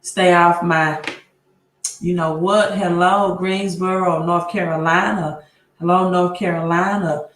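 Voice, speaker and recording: Slow-talking woman streaming live. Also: on the low side, fairly even intonation, slight background noise. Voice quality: repeats place names, tags phrases with "right?". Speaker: livestream host. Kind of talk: live-stream chat greeting viewers. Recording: roomy echo.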